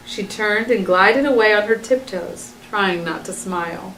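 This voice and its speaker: A woman reads a children's story aloud with expressive delivery, then gives the students a short message. Her voice carries a roomy echo and sits away from the mic, like a school announcement. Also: medium pitch, a little slow, a little hiss or hum. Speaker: school staff reading to students. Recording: echoey, distant school announcement.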